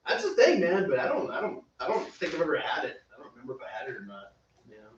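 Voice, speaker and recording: A man's voice: a little high, quick pace, slight background noise. A middle-aged man co-hosting a homebrewing show, rambling and laughing through casual chat. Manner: rambling, laughs often, animated storyteller. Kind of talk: casual chat while brewing. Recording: echoey room, far from the mic, dull sound.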